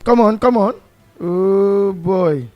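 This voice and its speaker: A man's voice: high-pitched, takes it slowly, dry recording, dull audio, soft background music. A man with a Trinidadian accent hosting a morning call-in radio show, drawing out his exclamations between callers. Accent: Trinidadian English. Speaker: radio talk show host.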